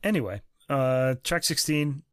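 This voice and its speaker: This man co-hosts a music podcast, offering casual, joking, opinionated reviews peppered with fillers. He has an animated mid-range voice with a clean tone and a measured pace, captured dry and at studio quality on a podcast microphone.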